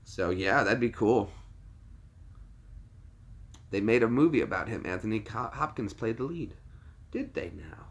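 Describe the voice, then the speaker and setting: A man's voice: lowish voice, lively intonation, a little slow, pauses often, slightly rough. A man from the United States hosting a casual livestream, jokey, laughing easily and chatting with viewers. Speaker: livestream host.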